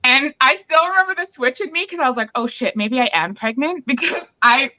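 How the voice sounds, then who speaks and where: This pregnant podcast host tells a candid story in casual chat, acting out both sides of a quarrel. Her voice sits high and sounds expressive, brisk, pushed and bright. The recording is muffled and lo-fi.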